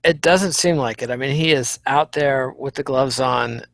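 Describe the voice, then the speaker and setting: Wry, measured male fight-show co-host. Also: medium pitch, a bit bright, no echo. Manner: measured and wry, dry humor. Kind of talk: casual post-fight analysis chat.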